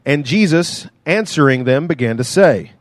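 A man preaching a sermon in a conversational, animated way, with playful asides to the congregation. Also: a little high, normal speed, no echo. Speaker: pastor.

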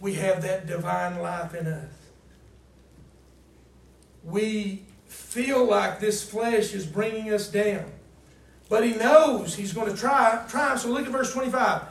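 Delivering a sermon in a high, gravelly voice, this man reads scripture at a slow pace and prompts his congregation to supply missing words. His delivery shifts between booming emphasis and hushed asides, captured on a distant mic in a roomy space with faint noise behind.

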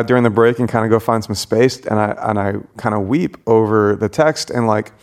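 A man who is a pastor, hosting a casual interview, talking reflectively with many fillers and restarts. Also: mid-range voice. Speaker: pastor and podcast host.

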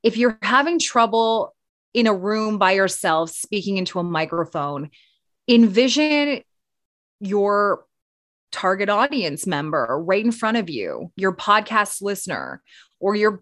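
Clean, echo-free studio audio carries a medium-pitched, fairly bright female voice. She's a Canadian radio broadcaster and podcast co-host, chatting casually about speaking tips with fillers and false starts.

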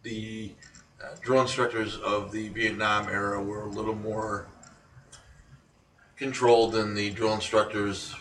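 A man's voice: lowish voice, little pitch movement, unhurried, fairly bright tone, reverberant, recorded from a distance, slight background noise, low-quality recording. A man co-hosting a casual chat, rambling with frequent ums and restarts. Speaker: podcast co-host.

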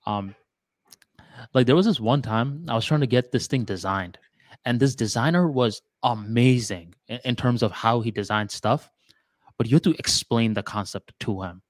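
A man of middle pitch reasons his way through ideas on a casual podcast. His talk is loose and full of filler words. The recording is close and dry, with no room sound. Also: moderate pace, dry recording. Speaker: podcast co-host. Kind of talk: casual chat.

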